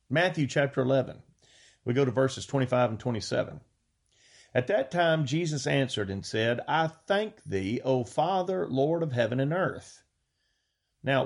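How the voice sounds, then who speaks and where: A man preaching a sermon, reading scripture slowly and earnestly and stressing key words. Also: medium pitch, gravelly. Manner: earnest, drawn-out scripture reading with rising emphasis.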